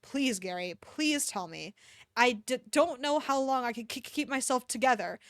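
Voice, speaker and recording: A woman's voice: fairly high pitch, lively intonation, normal speed, no echo, clean studio sound. A woman reading aloud as a frightened teenage boy who pleads and panics.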